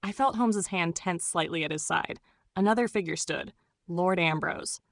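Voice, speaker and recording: Woman audiobook narrator, low, steady, dry close sound. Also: moderate pace, gravelly, no room sound. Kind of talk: scripted first-person narration.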